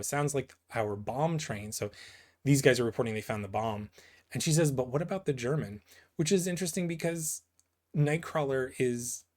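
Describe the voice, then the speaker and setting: A man giving casual, rambling commentary on comic book pages, full of fillers and asides that end in "right?". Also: medium pitch. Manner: rambling, filler-heavy, keeps asking "right?".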